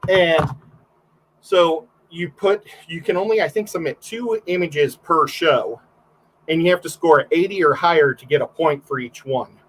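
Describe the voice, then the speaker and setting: A man's voice: a little high, measured pace, a bit bright, slight background noise, poor audio. A man, a photographer, guesting on a livestream and telling rambling stories in casual chat, full of fillers and restarts.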